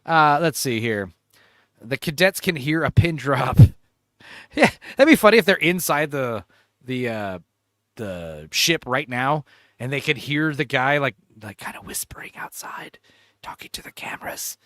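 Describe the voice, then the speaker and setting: A man hosting a casual watch-along, joking and laughing with animated, profane banter. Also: mid-range voice, a little slow, no echo, clean studio sound. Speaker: stream host.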